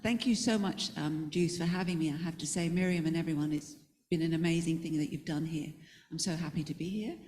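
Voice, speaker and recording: A woman's voice: deep voice, brisk, a little mellow. A woman with an English accent, introducing herself as a cartoonist on a discussion panel in a chatty, self-deprecating way. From England. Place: event hall. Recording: long hall reverb, faint noise.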